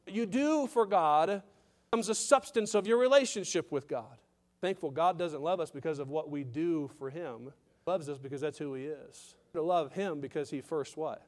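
A man's voice: a little high, normal speed, darkish tone. A man pastor preaching a sermon, emphatic, with repetitions and direct questions to the congregation.

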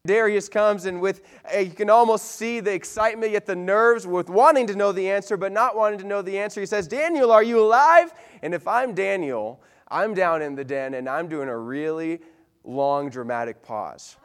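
A young man delivers a youth group sermon in a lively, storytelling way. His voice sits slightly high for a man and leaps up when he acts out a character's cries. He speaks casually and dramatizes the story as he goes. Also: normal speed, clear, resonant tone. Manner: animated storytelling with voiced quotes, then playful banter. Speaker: youth pastor.

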